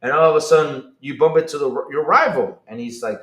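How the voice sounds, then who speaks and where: A man's voice: on the high side, brisk, few pauses, a bit bright. Chatty man hosting in an echoey room. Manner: chatty, rambling, reads out chat messages. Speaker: podcast host. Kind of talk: casual live-stream chat.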